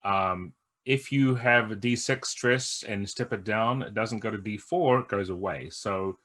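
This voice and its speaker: Low-voiced man explaining game rules. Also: a little slow, fairly bright tone. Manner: earnest, explanatory. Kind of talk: playing and explaining a tabletop game.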